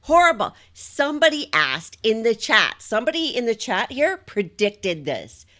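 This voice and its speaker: A woman's voice: a little high, sing-song, measured pace, bright, forceful tone. A woman giving livestream commentary on a court trial, ranting indignantly and sometimes restarting her sentences.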